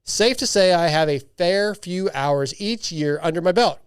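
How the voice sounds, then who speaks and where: A man with a slightly high, smooth voice hosts a podcast, reading out listener emails and joking as he goes. He talks loosely, with frequent restarts and asides, and the recording is close and dry. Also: animated, a little slow, dry recording. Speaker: podcast host.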